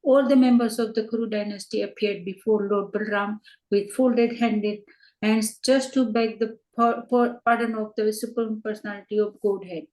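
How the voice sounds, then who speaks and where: A woman reads scripture aloud for her study group, steady and careful, going back over any word she trips on. Her voice has a middle pitch. The room around her is echoey. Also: moderate pace. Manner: careful, stumbles and repeats words. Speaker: reader in a scripture class.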